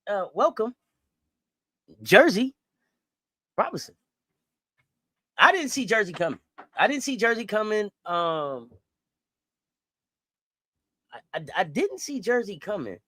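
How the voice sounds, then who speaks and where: A woman co-hosting a casual sports chat, animated and playful, often repeating words. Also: medium pitch, slow pace, long pauses, dry recording. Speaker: co-host.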